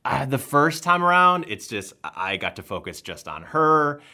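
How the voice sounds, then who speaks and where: A man's voice: mid-range voice, very animated, unhurried, sharp tone. A man, co-hosting a podcast in a wry, chatty, self-deprecating way. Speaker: podcast co-host. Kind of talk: casual chat.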